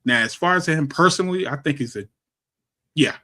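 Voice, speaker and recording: A man's voice: on the high side, expressive, fairly quick, sharp tone. A man from Brooklyn hosting a podcast, talking bluntly in casual gossip and laughing at his own takes. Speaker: podcast host. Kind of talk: casual chat.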